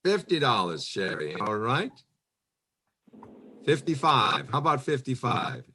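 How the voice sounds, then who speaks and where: A man's voice: mid-range voice, sing-song, sharp tone, a little hiss or hum. A man running a virtual fundraising auction, calling bids with friendly asides. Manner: brisk calls with friendly asides.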